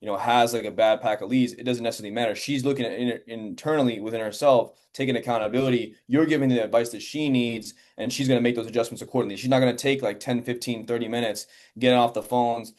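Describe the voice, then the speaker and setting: A man's voice: medium pitch, fairly even intonation, quick pace, hardly any pauses, a little mellow. A male host with an everyday mid-range voice who runs the conversation casually. His questions wander through plenty of "like" and "you know," and he tends to close his points with "man.". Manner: casual, filler-heavy, says "man" and "like" a lot. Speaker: podcast host. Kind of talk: interview conversation.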